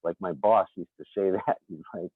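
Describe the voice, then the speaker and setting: A man's voice: low voice, fairly even intonation, brisk, husky, dry recording. A man with a Boston accent, chatting as a podcast guest in a rambling, chuckling way. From Boston area, USA. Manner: rambling, chuckling, repeats himself. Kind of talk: casual chat. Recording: tinny phone-like call line.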